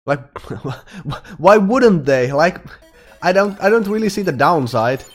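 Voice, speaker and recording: A man's voice: sits high, expressive, takes it slowly, faint music behind. Rambling, profane male game streamer. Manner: rambling, profane, laughs often. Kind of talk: casual live-stream chat while gaming.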